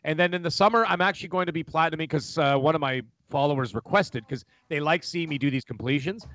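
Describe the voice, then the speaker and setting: A man, chatting casually as a podcast co-host, rambling and animated. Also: on the high side, fast talker, no room sound. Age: 40s. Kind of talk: casual chat.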